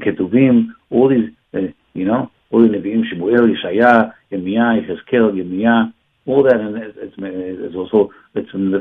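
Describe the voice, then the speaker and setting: A man's voice: fairly low pitch, breathy edge. A man teaching a religious class in an emphatic, repetitive way. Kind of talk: Torah class lecture. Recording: tinny phone-like sound.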